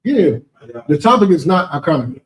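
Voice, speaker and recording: Emphatic preacher heard from afar. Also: male voice, a little high, big pitch swings, normal speed, far from the mic, rough recording. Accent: American. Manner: emphatic, rhetorical, repeats "you understand?". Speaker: teacher answering questions. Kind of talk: preaching Q&A session.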